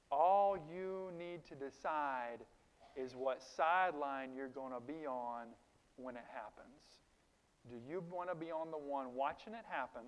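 Man preaching in a reverberant hall. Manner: preaching with sudden loud, high emphatic bursts. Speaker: pastor. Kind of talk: sermon.

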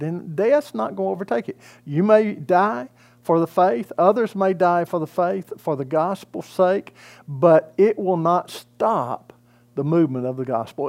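Pastor guy preaching, chatty and folksy, lots of uh's, voice a bit on the high side. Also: darkish tone. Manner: conversational preaching with frequent fillers and restarts. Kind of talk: sermon.

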